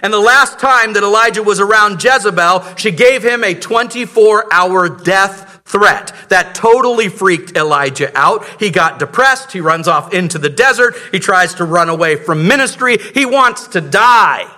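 A man's voice: high voice, animated, moderate pace, hardly any pauses, pushed and bright. A man preaching a sermon, telling the story dramatically and asking the audience rhetorical questions. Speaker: pastor.

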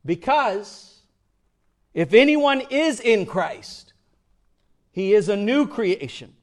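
Male pastor giving a sermon, kinda high voice, goes big and loud then drops way down quiet. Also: very animated, slow, pauses often. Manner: dramatic preaching, swinging from loud declarations to hushed storytelling.

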